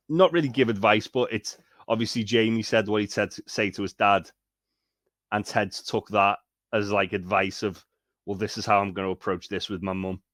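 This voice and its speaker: A man's voice: lowish voice, fairly bright tone, dry recording, studio quality. A man in a casual review chat who rambles and searches for his words.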